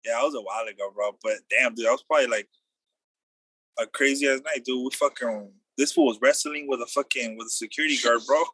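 A young man telling a wild story in loose, slangy casual chat, acting out the quotes loudly. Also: medium pitch, fast talker, breathy edge, dry recording.

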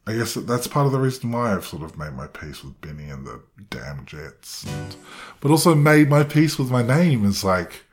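A man's voice: medium pitch, big pitch swings, normal speed, faint music behind. A young man in his twenties tells a personal story in a wandering, self-deprecating way, acting out the voices of the people in it.

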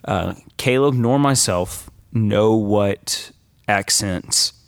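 Slow-talking man hosting a podcast. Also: fairly low pitch, creaky, dry recording. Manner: hesitant, lots of ums, laughs nervously. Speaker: podcast co-host. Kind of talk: casual podcast chat.

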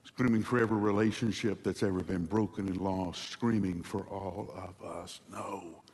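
A man preaching a sermon dramatically, moving between hushed passages and loud ones, in a large hall. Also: low voice, fairly even intonation, moderate pace, husky. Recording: long hall reverb.

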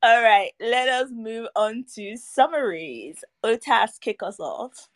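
A woman's voice: fairly high pitch, animated, slow, no room sound, studio quality. A woman hosting a casual film-review chat, breezy and teasing as she moves the segments along. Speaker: podcast host.

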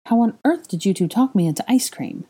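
A woman's voice: medium pitch, big pitch swings, brisk, dark tone, slightly rough, voice pushed up. A woman voicing an earnest young witch and new mother who sounds a bit weary as she explains.

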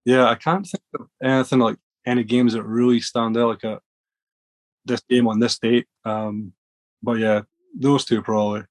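A man's voice: medium pitch, little pitch movement, normal speed. A man sitting in as a podcast guest, his voice in an ordinary middle register. He tells long stories in a casual, rambling way, full of restarts and fillers. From Scotland. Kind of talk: casual storytelling.

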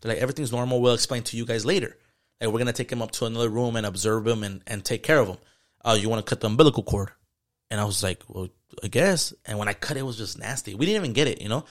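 Fast-talking man swearing through a story. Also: mid-range voice. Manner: storytelling with heavy swearing and slang. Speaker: podcast co-host. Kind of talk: casual chat.

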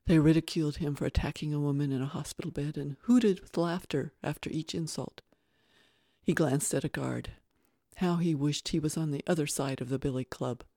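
An audiobook narrator reading a thriller in a measured, steady storytelling voice. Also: mid-range voice, no echo, studio quality.

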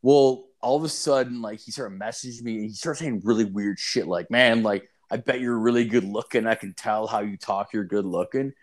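A man's voice: fairly low pitch, moderate pace, few pauses. Man, 30s, casual storyteller; loose, cursing, filler-heavy delivery. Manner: profane, rambling, animated storytelling with heavy filler. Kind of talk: casual chat.

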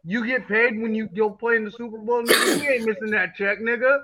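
Man, very high voice, blunt profane teasing, casual podcast chat, crowd noise. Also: brisk, low-quality recording. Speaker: podcast co-host.

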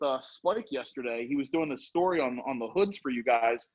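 Husky rambling storyteller man. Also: mid-range voice, normal speed. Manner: rambling, animated, acts out quotes. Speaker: storyteller guest. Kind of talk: casual storytelling. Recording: dull lo-fi sound.

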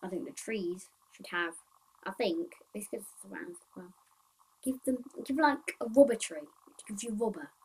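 A woman's voice: medium pitch, a little mellow, breathy edge, poor audio. A woman hosting a casual solo podcast, rambling and thinking aloud as she reads out game update notes. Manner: thinks aloud with pauses and restarts. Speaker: podcast host.

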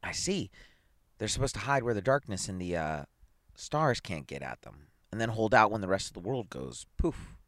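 A man's voice: on the low side, sing-song, moderate pace, fairly bright tone, no echo, clean studio sound. A man doing a wry newspaper columnist. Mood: curious.

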